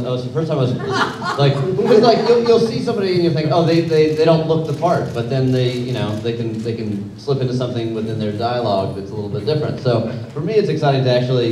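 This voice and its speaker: A man's voice: medium pitch, warm tone, slight background noise. A man speaking on a convention panel, talking enthusiastically with repeated words. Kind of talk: panel discussion. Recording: echoey hall from far off.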